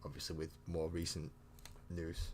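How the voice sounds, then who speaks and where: A deep-voiced man chats loosely on a live stream while painting miniatures. He rambles, tosses in mild swearing and pokes fun at himself. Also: monotone, a little slow, slight background noise. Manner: rambling and chatty, mild swearing, self-mocking asides.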